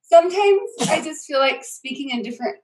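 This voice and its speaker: A woman's voice: high-pitched, expressive, fairly quick, a little mellow, rough recording. A mother chatting casually, telling stories with lots of laughter. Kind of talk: casual chat among mothers.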